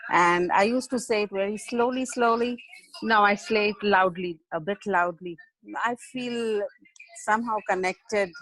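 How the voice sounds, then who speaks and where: A woman's voice: medium pitch, unhurried, a bit bright. A woman on a video call shares her experience and asks questions in a Q&A session. She speaks hesitantly in short, simple phrases, and her voice sounds dry and close, with no room echo. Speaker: participant.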